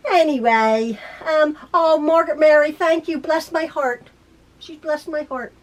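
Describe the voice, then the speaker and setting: A middle-aged quilting YouTuber in back pain chats casually to camera from her home sewing room, rambling with many restarts. Her voice is high-pitched and unhurried.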